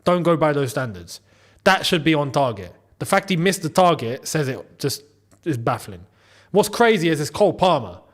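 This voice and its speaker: A young man with a fairly high voice speaks at a moderate pace, hosting a live football watchalong. He's animated, exclaiming at each play and scolding players directly as if they could hear him, in live match reaction commentary.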